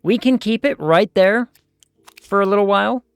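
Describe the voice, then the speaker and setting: Casting note: male streamer, slightly higher voice, chatty, thinks out loud, dry close-mic sound. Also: moderate pace, vocal fry, clear, resonant tone, no room sound. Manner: chatty, thinks aloud, jokes with chat. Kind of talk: casual game commentary.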